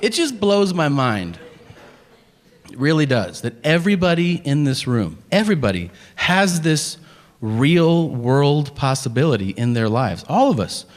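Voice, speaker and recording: A man's voice: fairly high pitch, big pitch swings, unhurried, long reverb tail. A man telling sarcastic, profane stories in a stand-up routine. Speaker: stand-up comedian.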